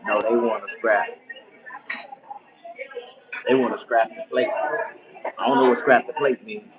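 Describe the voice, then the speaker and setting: A man's voice: medium pitch, steady tone, measured pace, low-quality recording. Boisterous middle-aged man ranting over crowd. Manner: crude, boisterous storytelling. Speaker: streamer. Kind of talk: casual rant to viewers.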